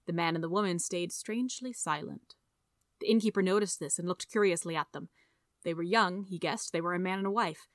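A woman reading a story aloud in a steady, measured narration. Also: on the low side, no echo, studio quality. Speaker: audiobook reader.

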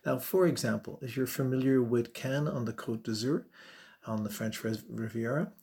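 Male podcast host, mid-pitched, friendly and unhurried explainer. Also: warm tone.

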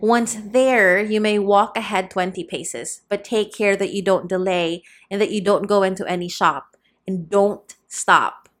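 A woman's voice: medium pitch, fairly even intonation, measured pace, natural voice. A woman reading as a stern threatening soldier. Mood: commanding. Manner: commanding, threatening.

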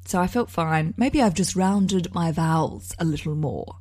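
A woman's voice: lowish voice, measured pace, darkish tone, no room sound, clean studio sound. A woman in her thirties with an Australian accent, hosting a podcast in a casual, chatty and self-deprecating way. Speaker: podcast host. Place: outdoors at a party for the interview.

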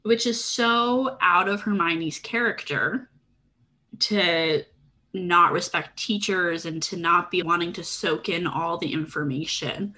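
A woman's voice: on the low side, slow pace, sharp tone. A woman co-hosting a podcast, talking through a book in a casual, thoughtful and analytical way. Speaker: podcast co-host.

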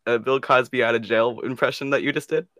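A man's voice: medium pitch, fairly even intonation, fast talker, fairly bright tone, no echo, clean studio sound. A man co-hosting a comedy podcast, chatting in an easygoing, slightly hesitant way. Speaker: podcast co-host. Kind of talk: casual comedic chat.

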